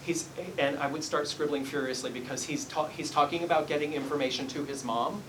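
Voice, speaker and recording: A man's voice: on the high side, steady tone, a little fast, far from the mic, background noise. A man working as a psychic medium, giving a live reading in a salon and politely apologizing as he relays messages. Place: hair salon, indoors.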